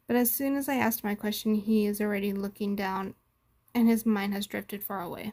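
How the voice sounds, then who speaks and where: A woman reading a game story aloud, steady with small stumbles, narrating and playing the detective. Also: mid-range voice, normal speed. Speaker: story reader.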